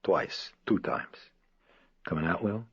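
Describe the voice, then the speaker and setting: A man's voice: low-pitched, slow, fairly bright tone, husky, no echo, lo-fi sound, voice pushed up, heavily acted. A man voicing a dutiful older housekeeper who mutters in terse, formal broken English. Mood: stubborn.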